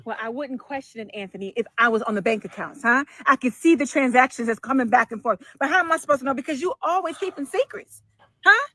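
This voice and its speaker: Woman acting as a naggy suspicious wife, kinda high voice, dry close sound. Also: lively intonation, fast talker, a bit bright, dry recording. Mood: accusing. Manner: nagging, accusatory questioning. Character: suspicious, accusing wife confronting her husband. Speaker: wife in a comedy skit. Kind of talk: comedy skit acting.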